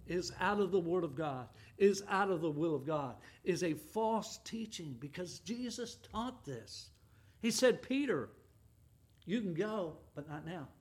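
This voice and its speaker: A man preaching a sermon as pastor, emphatic, quoting scripture slowly and stressing each phrase, dropping to a hush when he appeals to listeners. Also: very high voice. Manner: quotes scripture in a slow, stressed voice.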